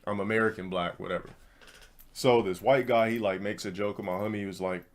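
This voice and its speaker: A man's voice: fairly low pitch, fairly even intonation, fairly quick. A man streaming, telling a rambling story to his chat in blunt, profane casual talk. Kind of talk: casual ranting monologue to a live chat.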